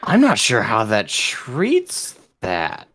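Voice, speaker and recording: A man's voice: fairly low pitch, slow. A man co-hosting a livestream, chatting casually, cracking jokes and reading war stories aloud. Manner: joking, animated, slips into mock voices. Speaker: livestream co-host and story reader.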